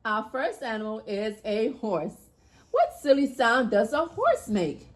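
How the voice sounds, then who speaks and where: A woman's voice: a little high, big pitch swings, a little slow. A woman hosting a children's video, teaching in a playful, sing-song way. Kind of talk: preschool teaching. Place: homestead.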